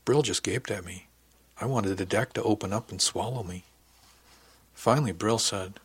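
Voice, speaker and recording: A man narrating a novel in the first person, calm and even. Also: on the low side, moderate pace, long pauses, breathy edge. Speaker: audiobook narrator.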